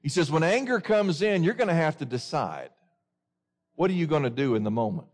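A man's voice: on the high side, sing-song, brisk. A man preaching a sermon in an earnest way, often asking his listeners questions.

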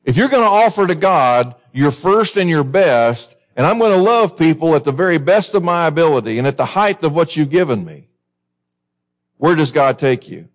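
A man's voice: fairly high pitch, sing-song, normal speed. A middle-aged man preaching a sermon, reading scripture aloud and putting questions to his listeners.

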